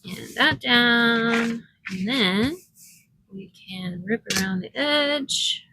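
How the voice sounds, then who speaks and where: A woman's voice: on the high side, extremely slow, a little hiss or hum, poor audio. A woman vlogger chatting casually and thinking aloud as she works on a craft project. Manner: chatty, thinking aloud while working, soft laughs.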